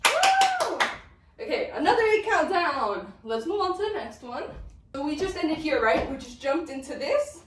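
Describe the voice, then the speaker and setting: A woman's voice: high voice, lively intonation, normal speed, noisy background. A young woman teaching a dance step by step, counting beats aloud in an upbeat, chatty way. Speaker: dance instructor. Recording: echoey room, mic at a distance.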